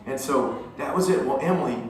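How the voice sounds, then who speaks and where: A middle-aged singer-songwriter telling an animated, joking story to a concert audience between songs. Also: male voice, medium pitch, brisk, a crowd in the background. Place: theater stage. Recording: echoey hall recording from far off.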